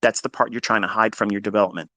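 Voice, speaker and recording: A man's voice: fairly even intonation, racing, dry recording. Blunt, profane man lecturing on trading. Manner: blunt, profane, swings from low mutters to loud emphatic outbursts. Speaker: trading mentor. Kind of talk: unscripted motivational lecture.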